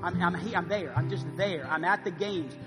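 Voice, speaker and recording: A preacher in his fifties with a very high voice, delivering a sermon in a big church sanctuary. He drops to near-whispers and then rises to loud emphasis. Long reverb fills the hall, and guitar music plays clearly behind him. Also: normal speed. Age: 50s. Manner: preaching with swings from hushed to loud. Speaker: pastor.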